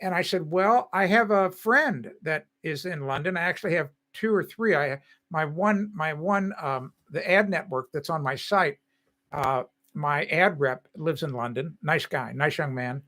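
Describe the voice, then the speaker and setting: Older guy rambling to his live chat, kinda high voice, bright and punchy, laughs a lot. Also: measured pace. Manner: chatty and rambling, laughs often. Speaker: live stream host. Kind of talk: casual chat with viewers.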